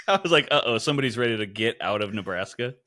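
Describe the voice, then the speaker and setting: A young man co-hosts a comedy podcast in loose, casual chat. His voice is bright and forceful, and it swings widely in pitch as he riffs and laughs at his own bits. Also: expressive, no room sound, studio quality. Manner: playful, riffing, quick to laugh. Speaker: podcast co-host.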